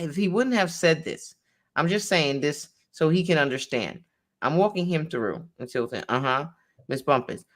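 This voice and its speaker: A woman's voice: low voice, a bit bright. A woman attorney reading a court transcript aloud in a conversation, naming each speaker as she goes.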